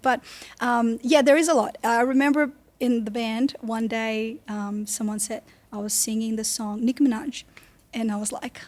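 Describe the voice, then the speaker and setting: A woman's voice: a little high, steady tone, normal speed. A woman from Brazil with a Brazilian accent, chatting as a guest in a casual interview and laughing often. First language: Portuguese. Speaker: guest singer.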